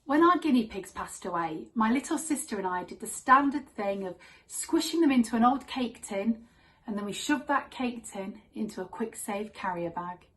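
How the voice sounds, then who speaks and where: A woman telling a comic true story on stage in a wry, deadpan manner. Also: a little high, moderate pace, low-quality recording.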